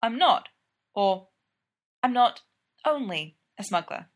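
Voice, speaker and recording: A woman voicing a wry, defiant young smuggler captain in her twenties, brisk when giving orders and dry in her sarcasm. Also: a little high, sing-song, heavily acted. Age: 20s.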